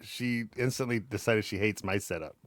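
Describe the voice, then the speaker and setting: A man's voice: lowish voice, dry recording. Joking man in his home office. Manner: joking, quick banter. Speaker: podcast co-host. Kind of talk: casual chat.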